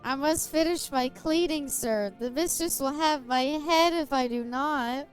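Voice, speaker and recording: A woman's voice: sits high, unhurried, faint music behind, voice pushed up. A woman voicing a shy young female lizard-folk maid, speaking demurely and formally.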